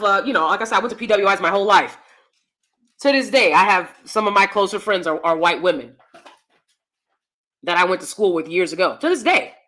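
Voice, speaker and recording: Blunt, bright-voiced woman streamer. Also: medium pitch. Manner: blunt, profane and emphatic. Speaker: YouTube commentary host. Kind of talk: live-stream commentary, reading chat.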